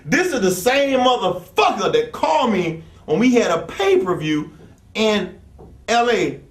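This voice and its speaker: A blunt man with a fairly high voice rants through old grudges, swearing freely and acting out every back-and-forth he retells. He sits back from the mic in a room that rings with echo. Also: very animated, measured pace. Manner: blunt, profane, acts out quoted exchanges. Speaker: interview guest. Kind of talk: profane storytelling rant. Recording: echoey room, distant from mic.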